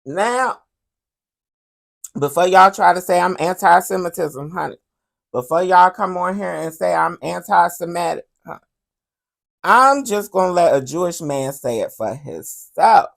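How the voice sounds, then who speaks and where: A woman hosting a current-events commentary show in a sassy, animated style. Her voice sits low with a gravelly fry in it. She keeps up the attitude and calls her listener "honey". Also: measured pace. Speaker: commentary podcast host.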